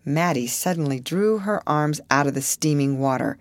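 Low-voiced woman reading a novel. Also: animated, moderate pace, hardly any pauses, no echo. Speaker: audiobook narrator. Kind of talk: scripted narration.

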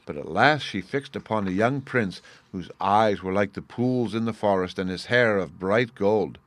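Deep male fairy-tale narrator, measured, dry booth sound. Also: no echo. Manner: measured, expressive. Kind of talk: storybook reading.

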